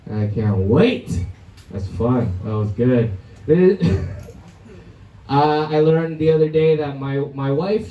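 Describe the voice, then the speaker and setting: A man's voice: a little high, mellow. A young man performing a stand-up comedy set at an open mic, brash and crude, laughing at his own jokes. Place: comedy club stage. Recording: roomy live club sound from a distance.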